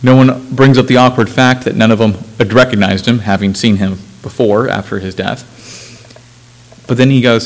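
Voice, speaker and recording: A man's voice: mid-range voice, steady tone, moderate pace, low-quality recording. A man preaching a sermon, reading scripture aloud and explaining it in a conversational way, with asides and self-corrections.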